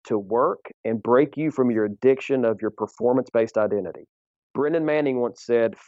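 A man's voice: medium pitch, darkish tone, dry recording, dull audio. A man, a guest author on a faith podcast, speaking emphatically and issuing a challenge, with frequent restarts.

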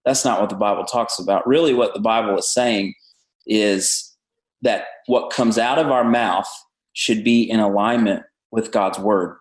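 A man's voice: lowish voice, unhurried. A man with a Southern American accent, a pastor explaining his sermon in a podcast interview with an earnest preaching cadence. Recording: roomy echo.

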